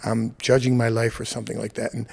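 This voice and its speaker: A middle-aged man chatting on a podcast in a quick, gravelly voice. He is blunt and teasing, and he keeps cutting in with questions. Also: mid-range voice, monotone, darkish tone. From Northeastern US. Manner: blunt, teasing, jumps in often. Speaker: restaurant owner guest. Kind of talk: casual chat.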